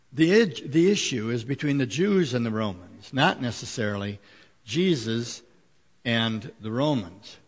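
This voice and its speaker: A man's voice: on the high side, long reverb tail. A man preaching a sermon as a pastor, talking conversationally with fillers and rhetorical questions.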